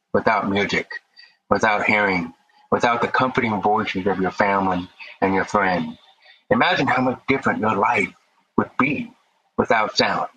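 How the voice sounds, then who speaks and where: A man as an interview guest, telling his story in an earnest, measured way. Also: on the low side, sharp tone, breathy edge. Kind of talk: reflective interview answers. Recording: dull lo-fi audio.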